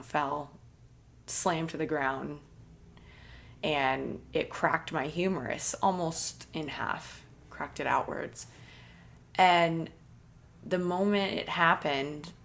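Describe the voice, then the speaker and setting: A woman with a deep, fry-edged voice speaks as a podcast host, taking her time over each phrase. She talks in an earnest, gentle, reflective way, like a personal monologue, with a light laugh now and then. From United States. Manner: earnest, soft-spoken storytelling with light laughs.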